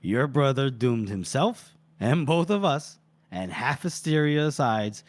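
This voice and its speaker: A man reading aloud the lines of a scheming, cold-spoken grand duke in a measured, accusing way. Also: mid-range voice, lively intonation, natural voice. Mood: grave. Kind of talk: dramatic book reading.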